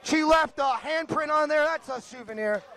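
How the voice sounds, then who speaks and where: A man's voice: extremely high pitch, normal speed, a faint crowd. A man calling a wrestling match play by play, joking and teasing his partner. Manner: joking, laughs often, teases partner. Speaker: wrestling commentator. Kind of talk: play-by-play commentary.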